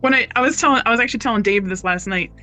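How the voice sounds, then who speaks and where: Brief: female podcast co-host, dry wit, bright crisp voice. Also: on the high side, rapid-fire, soft background music. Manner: dry, playful quips. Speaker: guest co-host. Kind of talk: casual podcast chat.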